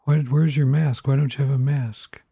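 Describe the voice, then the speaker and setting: A man's voice: mid-range voice, steady tone, normal speed, vocal fry, warm tone, breathy edge, no echo, clean studio sound, voice pushed up. A man voicing a curious small child who asks blunt questions in a told story.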